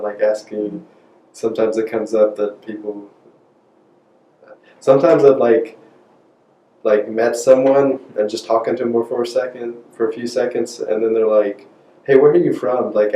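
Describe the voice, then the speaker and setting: Young guy w/ north carolina accent, low flat voice, rambling, mic far off in a roomy space. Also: normal speed, a little hiss or hum. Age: young adult. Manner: rambling, self-correcting. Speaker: college student. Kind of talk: casual interview answer.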